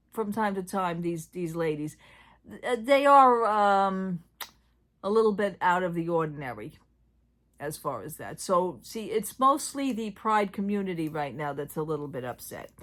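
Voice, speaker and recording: Chatty woman with a lively voice. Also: on the low side. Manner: chatty, trailing off with fillers. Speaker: host. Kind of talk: casual chat.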